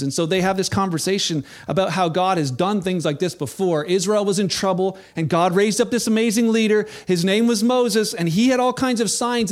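A man preaching a sermon, telling the story in a casual, animated way and acting out the people in it. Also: sits high. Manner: animated storytelling, acts out quoted voices. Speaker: pastor.

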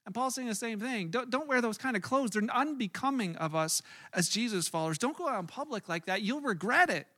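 A man's voice: very high-pitched, lively intonation, a little fast, sharp tone. A male pastor giving a conversational sermon, earnest and casual, often restarting and adding asides.

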